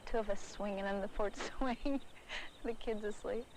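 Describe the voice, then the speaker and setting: A woman's voice: mid-range voice, fairly even intonation, moderate pace, noisy background, close to an everyday voice. An actress playing a dreamy young woman on a porch swing, teasing and playful. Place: outdoors on a porch.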